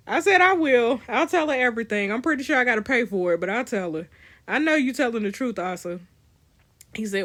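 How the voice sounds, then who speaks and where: A woman, reading a story game's dialogue aloud and reacting, animated and laughing often, with teasing asides to her viewers. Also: on the high side, a little fast. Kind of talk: reading choices-game dialogue with live reactions.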